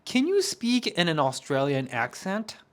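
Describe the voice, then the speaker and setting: A man's voice: on the high side, huge pitch swings, a little slow, fairly bright tone. A young man hosting a casual podcast chat, laughing often and repeating words for emphasis. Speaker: podcast host.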